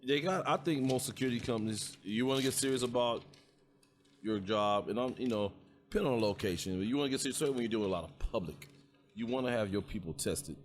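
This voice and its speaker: A man's voice: mid-range voice, quick pace. A middle-aged man co-hosting a podcast about security work, chatting casually and rambling, often repeating words as he starts a thought. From United States. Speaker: podcast co-host, security guard. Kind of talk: casual chat.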